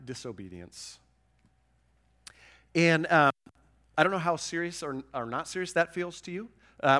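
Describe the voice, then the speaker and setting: A man with a fairly high voice preaching a sermon. He talks in a relaxed, conversational way, thinking out loud and often checking in with his listeners. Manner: conversational, thinking aloud, many rhetorical "right?" asides. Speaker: pastor.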